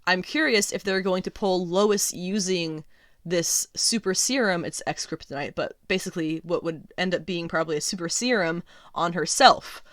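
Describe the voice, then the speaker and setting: Low-voiced woman musing at length. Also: normal speed, fairly bright tone, no room sound, clean studio sound. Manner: rambling, many fillers and restarts; opinionated, emphatic. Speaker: comics podcast host. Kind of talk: casual solo commentary.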